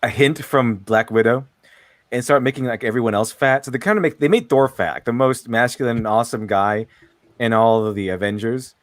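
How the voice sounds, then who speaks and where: A man's voice: mid-range voice, a little fast, dry recording. A man chatting on a stream, rambling, stumbling over his words and laughing often. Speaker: stream co-host. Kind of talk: casual chat.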